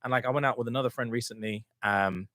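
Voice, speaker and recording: A man in casual podcast chat, rattling through stories at a brisk clip. He slips into his friends' voices as he tells them. The sound is close and dry, with no room in it. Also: mid-range voice, no echo. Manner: animated storyteller acting out friends' lines. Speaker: podcast co-host.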